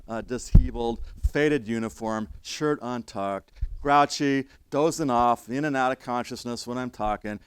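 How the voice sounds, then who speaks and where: An older man, an instructor, telling a story in a lecture, emphatic and restarting his sentences, now loud, now quiet. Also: mid-range voice, clean tone, dry recording. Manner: emphatic, with frequent restarts and swings in loudness. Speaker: fire service instructor.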